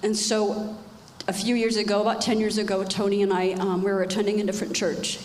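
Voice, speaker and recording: A woman's voice: mid-range voice, flat delivery, a little fast, a little mellow. A middle-aged woman giving an emotional personal testimony at church, emphatic and repeating her phrases. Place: church hall. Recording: echoey hall with faint background noise.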